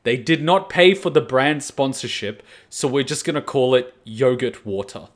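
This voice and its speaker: A man's voice: mid-range voice, moderate pace. Chatty man reacting to anime. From Australia. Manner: chatty, animated storytelling with jokey asides. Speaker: anime reaction channel host. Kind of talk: casual reaction commentary.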